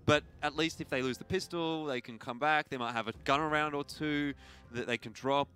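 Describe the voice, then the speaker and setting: Male color commentator, bright voice, easygoing analytical ramble. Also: fairly high pitch, fairly quick, clear, resonant tone, faint music behind. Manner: relaxed, rambling analysis with fillers. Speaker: esports analyst.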